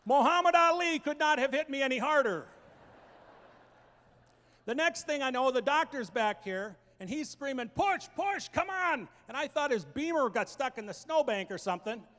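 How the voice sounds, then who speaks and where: A man in his thirties telling family stories as a stand-up comedian, acting out the voices and building to shouted punchlines on an auditorium stage. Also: very high voice, lively intonation, normal speed. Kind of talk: stand-up storytelling. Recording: long hall reverb.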